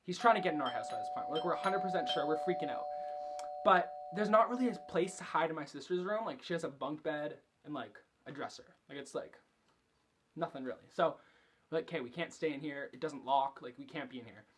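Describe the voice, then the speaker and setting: Young man, vlog storytime, rambling and profane, slightly high voice, breathy. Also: animated, a little fast, a bit bright. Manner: chatty, profane, filler-heavy. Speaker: vlogger. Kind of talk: casual storytelling.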